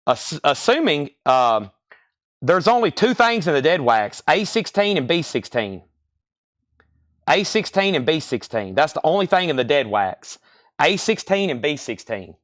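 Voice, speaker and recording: A man running a live online record sale, calling out bids, buyers and prices in a rapid, repetitive patter. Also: fairly high pitch, sing-song, fairly bright tone, dry recording, studio quality. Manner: rapid-fire, repetitive calls of sales and prices. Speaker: live-stream record seller.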